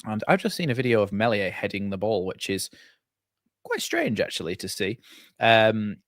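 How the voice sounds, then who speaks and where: A man's voice: lowish voice, a little fast, no echo. A man hosting a live football watchalong from his home computer, chatting loosely with lots of fillers and restarts. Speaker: football fan channel host. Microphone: desk microphone.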